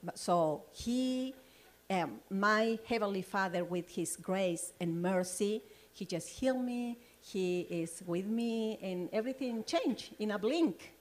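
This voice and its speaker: A woman leading a Bible study, sharing her personal testimony in a lively, rambling way and laughing often. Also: medium pitch, slow pace. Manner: loose, rambling phrasing.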